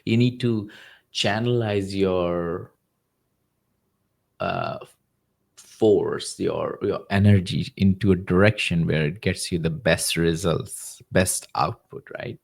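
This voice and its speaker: A man hosting a podcast, reacting in short murmurs and reflecting slowly on what his guest says in a casual interview. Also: low voice, lively intonation, vocal fry, a little mellow. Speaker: podcast host.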